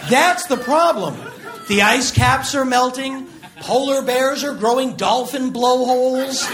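A man works a stand-up set in a very high, sharp voice. His delivery is sardonic and dry, with the punchlines pushed upward. The live recording carries clear crowd noise from the room. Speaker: stand-up comedian. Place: comedy club stage before a laughing audience.

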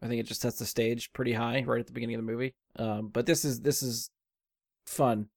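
Male podcast host, easygoing, quick to laugh, asks the panel questions. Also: medium pitch, flat delivery, vocal fry, a little mellow. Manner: laughs often, leads questions. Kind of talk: casual chat.

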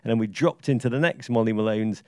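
A man co-hosting a podcast, telling an excitable, rambling story in casual chat. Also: on the low side, quick pace, dry recording, studio quality. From England. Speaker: podcast co-host.

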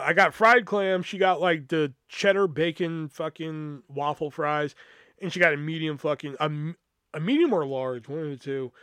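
A man's voice: on the high side, fairly bright tone, clean tone, no room sound, clean studio sound. Rambling, profane male podcast storyteller. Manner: rambling, profane, filler-heavy. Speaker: podcast host. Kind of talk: casual storytelling monologue.

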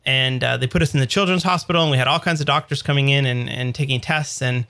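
Podcast co-host, man, thirties, crisp tense tone with fry, casual and full of restarts. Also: mid-range voice, fairly even intonation, quick pace, pushed and bright. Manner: rambling storyteller with many fillers and restarts. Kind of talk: casual chat.

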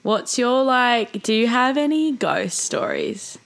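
Animated, slow-talking swearing woman. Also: on the high side, creaky. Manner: animated, swears and laughs freely. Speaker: podcast co-host. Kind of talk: casual chat.

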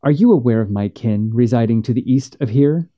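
A man's voice: medium pitch, lively intonation, fairly quick, lo-fi sound, close to an everyday voice. A man voicing a stern, proud frontier widow who speaks in a clipped, cold way. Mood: cold, steely.

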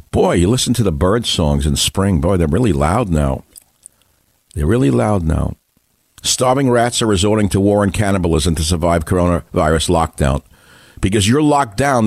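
A man's voice: sits low, no room sound, clean studio sound. A man hosting a radio talk show, delivering an indignant monologue full of rhetorical questions.

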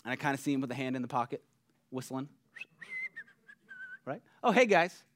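A pastor preaching a sermon in a conversational, animated way, often checking in with the listeners. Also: male voice, medium pitch, fairly quick, a little hiss or hum. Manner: conversational, animated, keeps asking "right?".

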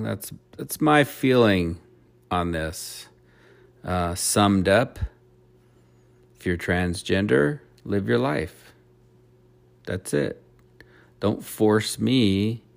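A man's voice: deep voice, creaky. A man hosting a solo opinion podcast, ranting in a blunt, profane way. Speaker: podcast host.

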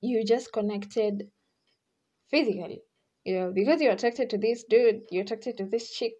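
A podcast host with a fairly high, mellow voice speaks at a moderate pace in a casual advice monologue. She's chatty, laughs often and acts out quoted voices. The audio has its highs cut off.

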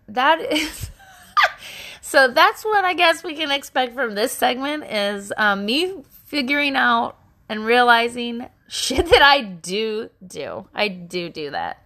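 Podcast host, woman, thirties, bright and chatty, candid, self-mocking storyteller who swears freely. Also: fairly high pitch, animated, slow pace. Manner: self-deprecating, laughs at herself.

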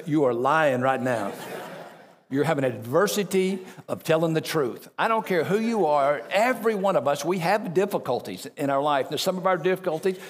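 A man preaching a sermon as pastor, reading scripture aloud and breaking off into conversational asides to the congregation. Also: on the high side.

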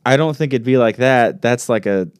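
A young man with a Southern US accent, chatting in a talkative, animated way and acting out movie lines. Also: medium pitch, smooth, no room sound, clean studio sound. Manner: talkative, animated, quick to act out lines from scenes. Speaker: podcast co-host. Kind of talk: casual chat.

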